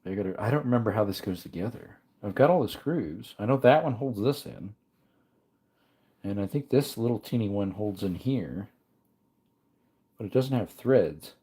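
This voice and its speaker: A man's voice: on the low side, expressive, normal speed, pauses often, warm tone, husky. A man casually chatting on a livestream, reading comments aloud while tinkering with parts. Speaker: livestream host.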